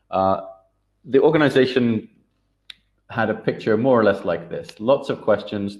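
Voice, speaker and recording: A man presenting an online workshop over a video call, relaxed and full of filler words and restarts. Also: fairly low pitch, highs cut off. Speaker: workshop speaker.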